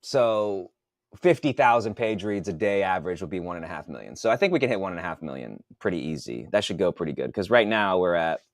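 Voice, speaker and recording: A man who writes books, talking casually in a podcast monologue, swearing a lot and working out sums out loud. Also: deep voice, lively intonation, fast talker, dry recording, clean studio sound. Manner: profane, thinks aloud while doing math. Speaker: author.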